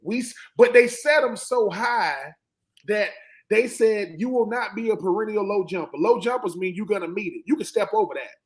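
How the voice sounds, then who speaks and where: High-voiced, emphatic male ex-player on a sports panel. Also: expressive, normal speed, rough recording. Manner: emphatic, preachy, acts out quotes of coaches and players. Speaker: former college football player, panel guest. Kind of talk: animated sports talk, storytelling.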